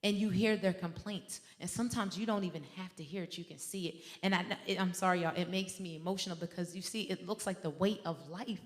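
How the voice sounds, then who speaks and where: A woman's voice: lowish voice, a little fast, few pauses. A woman minister preaching a sermon in a fervent, conversational way, breaking into personal stories and addressing the congregation directly. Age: adult with a teenage son. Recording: long hall reverb.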